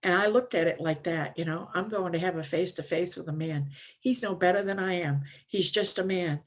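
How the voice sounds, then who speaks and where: An older woman shares her personal testimony from a conference stage. She talks candidly and conversationally, often pausing on small fillers as she goes. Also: lowish voice. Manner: candid, conversational, many "you know" fillers. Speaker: recovery speaker at a conference.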